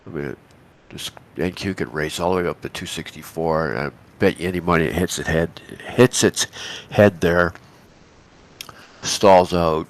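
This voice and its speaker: A man with a very low, gravelly voice, roughened by a head cold, talking live. He rambles casually through market commentary, often stopping and restarting his sentences. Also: normal speed. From Canada. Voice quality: raspy. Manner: rambling, chatty, with frequent restarts and asides. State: hoarse from a cold. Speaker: co-host of a live futures trading stream.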